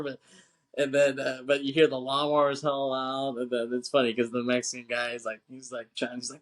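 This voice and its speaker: A man's voice: medium pitch, little pitch movement, brisk. Man in rambling, profane podcast banter. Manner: rambling, profane, laughing often, acts out film lines. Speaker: podcast co-host. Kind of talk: casual film chat.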